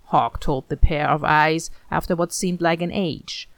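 A woman narrating a story aloud in an expressive, animated reading style. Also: sits low, a little slow, no room sound.

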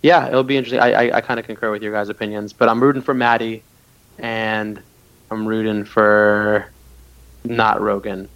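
Man, podcast co-host, casual chat, low steady voice, hesitant restarts, lo-fi recording. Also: moderate pace, clear, resonant tone. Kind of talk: casual chat about a reality show.

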